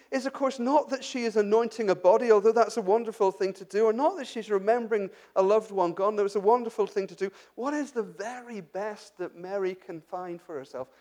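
A man's voice: high voice, a little mellow. A man preaching a sermon, talking to the congregation in a chatty way, with rhetorical questions and frequent restarts. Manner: addresses the congregation directly. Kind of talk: sermon, Bible exposition.

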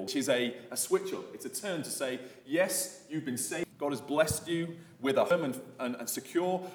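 A man giving a sermon as a visiting preacher, casual and animated, with many fillers and restarts. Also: medium pitch, roomy sound.

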